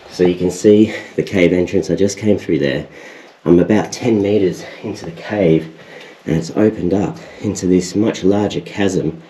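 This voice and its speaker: A young Australian man vlogging as he explores inside a cave, excited and exclaiming often, recorded on an action camera. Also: low voice, slight background noise. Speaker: outdoor adventure vlogger. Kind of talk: casual exploring commentary.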